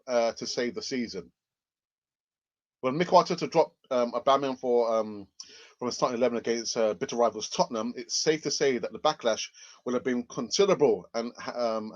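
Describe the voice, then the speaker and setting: A man hosting a live football news stream, chatty and rambling with sarcastic asides. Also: mid-range voice. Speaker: football channel host. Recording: dull lo-fi stream audio.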